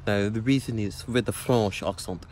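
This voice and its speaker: An over-the-top fake French accent, put on by a young man, slow and stiffly formal. The voice sits fairly low, with a faint hiss of background noise behind it. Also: sing-song, darkish tone. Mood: mock French.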